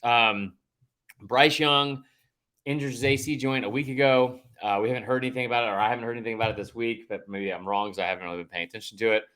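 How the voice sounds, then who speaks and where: A man's voice: mid-range voice, fairly even intonation, quick pace, bright, forceful tone. A man co-hosting a sports podcast in casual chat, heated and emphatic, rambling through fillers and restarts and swearing when he gets fired up. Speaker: podcast co-host.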